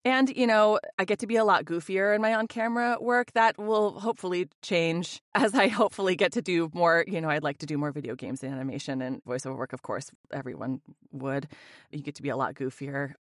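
A woman's voice: fairly low pitch, steady tone, brisk, no echo. A woman voice actor chatting in an interview, bubbly and full of fillers, recorded at home on a studio condenser mic. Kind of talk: casual interview chat.

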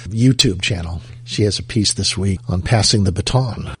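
Low husky guy hosting a radio talk show, laid back, chuckles here and there. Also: moderate pace, fairly bright tone, no echo.

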